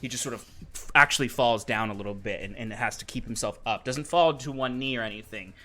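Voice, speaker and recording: A man acting as game master for a tabletop game, his voice bright and cutting. He is excitable and laughs often, and he restarts sentences as he narrates the action. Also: mid-range voice, quick pace. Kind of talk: running a tabletop game, casual chat.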